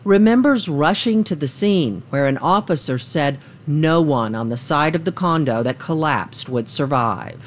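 A woman reporting a news story in a measured, even narration. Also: sits low, a little hiss or hum.

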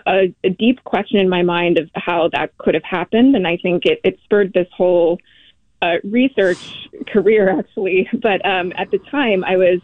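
A woman's voice: medium pitch, dry recording. A young woman calling in to a radio show, speaking earnestly and hesitantly with many fillers. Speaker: caller. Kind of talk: radio call-in question. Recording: tinny phone line.

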